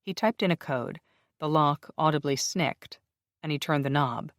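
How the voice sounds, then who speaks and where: A steady, measured audiobook narration of a paranormal romance, with a medium pitch and level delivery. It is recorded close with a dry sound. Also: dry recording.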